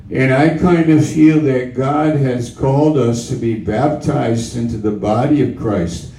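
A man preaching a sermon, slow and emphatic, repeating his key phrases. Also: medium pitch, warm tone, far from the mic. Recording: roomy sound from off-mic.

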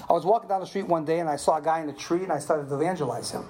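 Animated man in his seventies preaching. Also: on the high side, very fast. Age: 70s. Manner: animated storytelling, asks "Are you with me?". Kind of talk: sermon with personal stories. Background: audience responding.

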